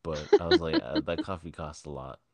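Deep-voiced man telling a story. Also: fairly quick. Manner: profane, animated retelling with quoted voices. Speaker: podcast co-host. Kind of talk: casual storytelling chat. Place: podcast studio.

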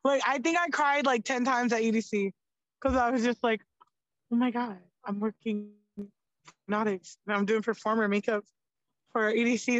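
Young woman podcast guest, chatty and animated, higher voice. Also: moderate pace, no room sound, dull audio. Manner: animated, lots of "like", swears freely. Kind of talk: casual chat.

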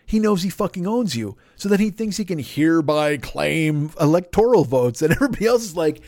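A man hosting a podcast, ranting in a loud, profane, mocking way and acting out other people's voices. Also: high voice, expressive, brisk, few pauses, no echo, studio quality. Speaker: podcast host. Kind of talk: profane political rant.

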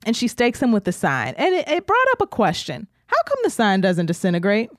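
A woman's voice: medium pitch, huge pitch swings, fairly quick, no room sound. Joking, foul-mouthed woman podcaster, dry sound. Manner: crude, joking, profane. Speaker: podcast co-host. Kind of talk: casual chat and episode recap.

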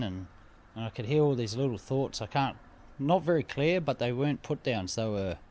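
A man's voice: mid-range voice, lively intonation, moderate pace, darkish tone. A man telling a personal story in a casual chat, vivid and repetitive, swearing freely. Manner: vivid, swearing, repeats phrases for effect.

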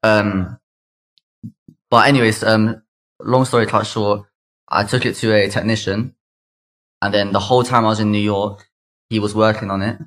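A man in his twenties with a London accent, a podcast guest telling a story in fast, slangy chatter full of "like" and "mate". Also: on the low side, fairly even intonation, a bit bright. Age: 20s. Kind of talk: casual storytelling.

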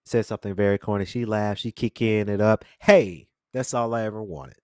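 A man's voice: on the low side, steady tone, a little fast, a little mellow, a little hiss or hum. A young man hosting a podcast, telling a rambling, jokey story full of slang. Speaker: podcast host. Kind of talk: casual storytelling monologue. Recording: dry close studio mic.

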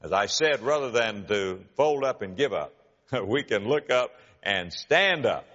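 A man preaching a sermon. He builds to loud, high cries when quoting prayers and repeats key phrases slowly for emphasis. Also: expressive, in a large hall, dull audio. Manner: preaching with dramatic rises in pitch and volume on quoted cries. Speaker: pastor.

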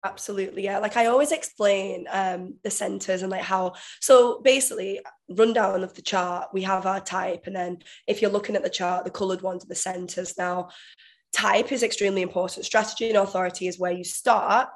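A woman's voice: mid-range voice, steady tone, a little fast. A woman coach, a guest on a podcast, explaining steadily, listing terms and acting out inner thoughts.

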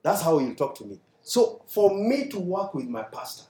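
A man's voice: high voice, sing-song, normal speed, darkish tone. A Kenyan man preaching a sermon, mixing English and Swahili and leading call-and-response. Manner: mixes English and Swahili, call-and-response, acts out his mentor's lines. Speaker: pastor. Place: church hall. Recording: echoey hall.

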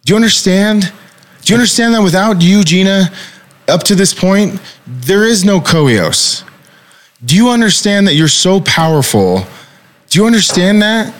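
A company founder hosts a casual podcast conversation, speaking at a normal pace in a high-sitting, animated voice. He talks intensely, swears often, and fires off repeated rhetorical questions.

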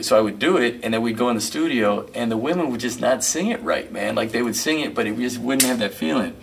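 A middle-aged male musician and producer, a guest in an interview, who tells stories in a rambling, animated way with plenty of fillers. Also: mid-range voice, quick pace, gravelly, few pauses. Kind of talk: casual storytelling interview. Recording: distant mic with faint noise.

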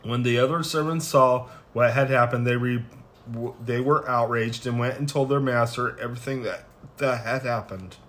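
A man reading scripture passages aloud in plain, unhurried reading with small stumbles, then closing in prayer. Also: mid-range voice, a bit bright. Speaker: scripture reader.

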